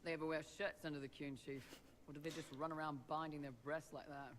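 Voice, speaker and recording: A wry young mercenary lieutenant, voiced by a man teases in a quick, fairly high voice. The game audio carries a long reverb with a faint hiss behind it. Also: little pitch movement, a bit bright, close to an everyday voice. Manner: teasing, sardonic. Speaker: video game character.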